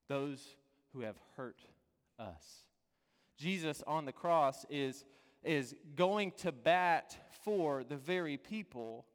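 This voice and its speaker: A man preaching a sermon as a pastor, earnest and pleading, dropping from loud to hushed. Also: on the high side, in a large hall.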